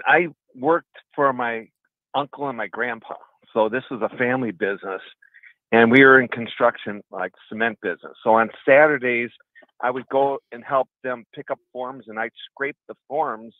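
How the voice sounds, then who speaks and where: A man's voice: medium pitch, moderate pace, dry recording. A middle-aged man from Wisconsin, a radio caller telling long, earnest stories about his past. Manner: earnest, rambling anecdotes. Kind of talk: call-in radio storytelling. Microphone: phone. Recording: tinny phone line.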